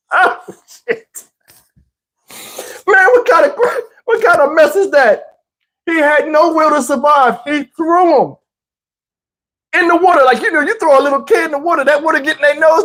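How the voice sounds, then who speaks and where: A man from New Jersey tells a family story off the cuff. He chuckles as he goes, rambles and restarts his sentences, and keeps the telling loose and animated. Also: extremely high pitch, poor audio. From Camden, New Jersey, US. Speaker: channel host. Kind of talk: casual storytelling.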